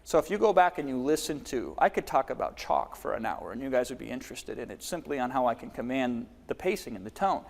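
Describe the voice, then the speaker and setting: A man teaching a live workshop on selling, who demonstrates delivery by swinging his volume, pace and pitch. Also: sing-song, quick pace, gravelly, few pauses, big-room sound. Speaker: webinar trainer.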